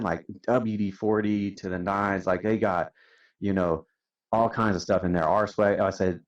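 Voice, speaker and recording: Laid-back male podcast guest with a very low voice, sounding a bit distant and muffled. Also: steady tone, normal speed. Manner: laid-back, says "man" and "dude" a lot. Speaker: podcast guest, company founder. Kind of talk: casual storytelling. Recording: distant, dull-sounding mic.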